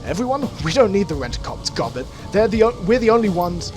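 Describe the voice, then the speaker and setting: A blunt dwarf mercenary woman read by a man, flat and matter-of-fact, never wasting a word. Game music plays under the voice. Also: sits high, quick pace, voice pushed up. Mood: terse.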